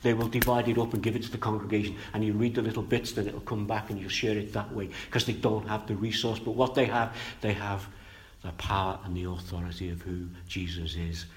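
A man delivering a sermon in a somewhat low voice. He leans hard into emphatic, louder bursts, then pulls back to low, quiet asides. Key phrases come out slow and drawn out. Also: little pitch movement. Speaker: preacher.

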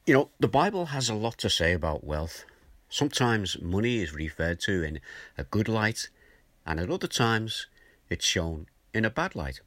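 An older man giving a gentle, conversational morning devotional as a preacher, reading and explaining a scripture verse. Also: fairly low pitch, very animated, moderate pace, dry recording. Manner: gentle, conversational, chuckles now and then.

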